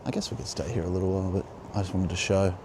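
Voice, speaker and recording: Walking through a harbourside church garden, a male vlogger offers casual, reflective commentary in a deep, slightly mellow voice that comes out rapid-fire. Outdoor sounds and passing vehicles can be heard.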